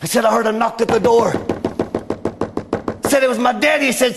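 A man preaching a sermon, his voice pitched high for a man. He tells his stories with fervor, rising to loud cries and then falling to near whispers. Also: brisk, pauses often, some chatter behind. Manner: impassioned storytelling preacher, swinging between loud cries and hushed drops.

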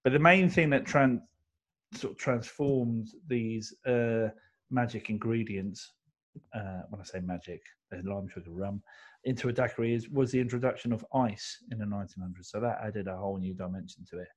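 A man's voice: lowish voice, moderate pace. A man, co-hosting a casual chat and rambling through history with fillers and jokes. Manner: rambling, jokey storytelling with many fillers. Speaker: co-host.

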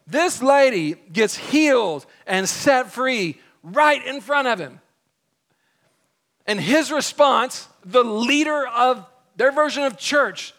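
A man's voice: extremely high pitch, fairly bright tone. A young adult man preaching a sermon in a conversational way, acting out the people in the story he tells. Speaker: pastor.

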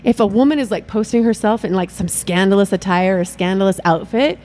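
Mom relaying her teenage son, matter-of-fact and explanatory, light pitch. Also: fairly quick, a little mellow, slight background noise, natural voice. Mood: explaining.

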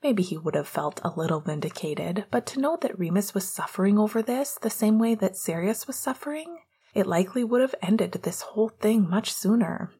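Soft-spoken woman reading a story. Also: mid-range voice, lively intonation, normal speed, breathy edge. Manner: soft, hushed, gentle narration. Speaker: narrator. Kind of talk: audiobook reading of fan fiction.

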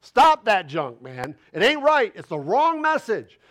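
A man preaching in a church with a strikingly high voice that swoops widely as he presses each point. He slows down to drive lines home, talking in a plain folksy way with rhetorical questions. His delivery stays passionate and emphatic throughout. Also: wildly swooping pitch. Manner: passionate, emphatic, rising to loud declarations. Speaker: pastor. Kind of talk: sermon. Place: church sanctuary.

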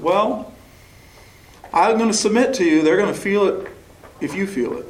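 A man's voice: a little high, lively intonation, normal speed, a little hiss or hum. A man leading a choral workshop session, explaining and asking questions, now and then singing a short phrase to demonstrate. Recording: echoey room recording.

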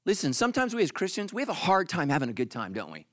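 A man preaching a sermon as pastor, animated and joking, acting out the congregation in mock voices. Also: fairly high pitch, very fast, no room sound, studio quality.

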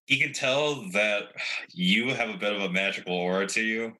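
A man's voice: lowish voice, moderate pace, sharp tone, rough recording. A young man narrating a tabletop game as game master in a laid-back way. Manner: laid-back, narrates and voices non-player characters.

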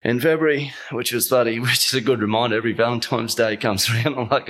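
A young Australian man from the Northern Territory, a guest in a casual interview, tells a heartfelt story while choked up, his voice catching. He talks fast at medium pitch in a steady, slightly bright tone, rambling with many fillers.

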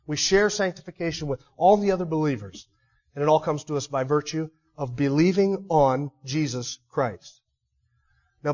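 Pastor, male, high voice, emphatic sermon delivery, slightly dull lo-fi recording. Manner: emphatic preaching with repeated lists.

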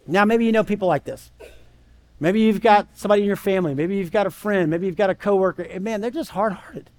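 In a chatty sermon, this pastor keeps asking "right?" and gives voice to the figures he quotes, speaking quickly in a high register.

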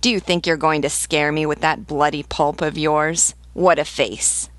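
A woman's voice: sits low, steady tone, a little slow, a bit bright, dry recording. A woman reading the lines of a brash, mocking wounded soldier in a taunting, scornful manner.

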